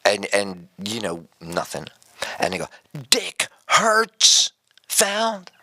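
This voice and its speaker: A man's voice: sits low, a little slow, no room sound. A male radio talk show host telling a comic story as a rambling monologue and acting out the voices in it. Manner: animated, rambling storyteller who acts out voices.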